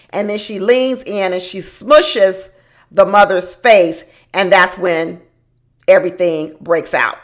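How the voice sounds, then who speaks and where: A woman's voice: mid-range voice, unhurried. Chatty woman recapping reality TV. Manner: chatty, opinionated, addresses viewers as y'all. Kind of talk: casual recap commentary.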